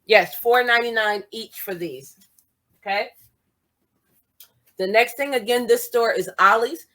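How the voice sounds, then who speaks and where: A woman's voice: fairly high pitch, a little slow, a bit bright. Chatty woman reading product labels aloud. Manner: chatty, reads labels aloud and repeats prices. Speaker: vlogger showing a shopping haul. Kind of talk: casual haul video.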